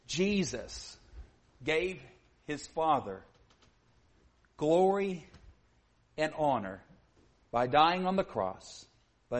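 A man preaching a sermon to his congregation, earnest, often saying "you see", sometimes building to emphatic peaks. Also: mid-range voice.

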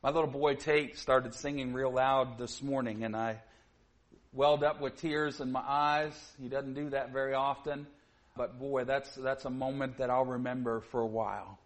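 A man's voice: medium pitch, steady tone, moderate pace. A man preaching a sermon to his congregation, earnest, often saying "you see", sometimes building to emphatic peaks.

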